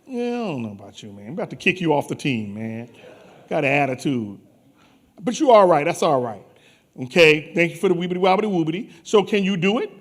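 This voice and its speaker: Animated, teasing male conference host. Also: a little high. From New Orleans. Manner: teasing, animated, quick jokes. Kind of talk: playful stage banter with audience. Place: conference hall stage.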